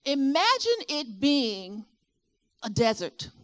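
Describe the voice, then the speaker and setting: Middle-aged woman from Virginia with a Southern twang, high-pitched, an animated expo speaker. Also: a little slow, pauses often. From Virginia, USA. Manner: animated, asks the audience questions, rising and falling delivery. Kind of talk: motivational talk to a live audience. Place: expo hall with a live audience.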